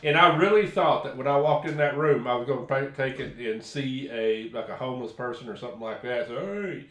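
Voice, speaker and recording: A man's voice: medium pitch, steady tone, a little fast, a bit bright. An older man with a Texan accent, rambling through a story in casual live-stream chat, with restarts and chuckles. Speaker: paranormal investigator co-host. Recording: echoey room.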